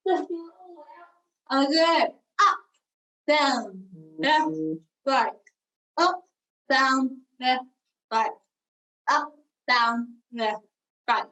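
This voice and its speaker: Woman leading a vocal warm-up. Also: sits high, very slow, long pauses, distant mic, rough recording. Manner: demonstrates sounds, chatty and encouraging. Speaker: singing teacher. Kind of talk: online vocal warm-up lesson.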